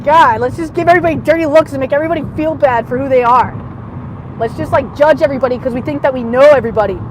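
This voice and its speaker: A woman livestreaming from her car, ranting passionately, swinging between shouting and muttering. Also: high voice, very fast. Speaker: livestreaming vlogger. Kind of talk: rambling livestream rant while driving. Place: in a car in city traffic. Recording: noisy car interior. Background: road and traffic noise.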